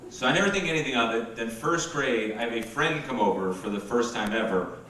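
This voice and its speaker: A man performing a stand-up comedy set in a live venue, telling stories with deadpan punchlines. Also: mid-range voice, fairly quick. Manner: conversational storytelling with deadpan punchlines. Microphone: camcorder recording from the back of the room. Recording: echoey room taped from far off on an old camcorder, with hiss.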